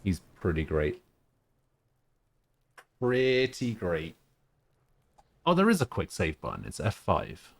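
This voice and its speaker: Guy streaming a game, really low voice, jokey and self-deprecating. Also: huge pitch swings, normal speed, gravelly, few pauses, husky, no echo. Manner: joking, self-mocking, laughs often. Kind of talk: casual live-stream gaming chat.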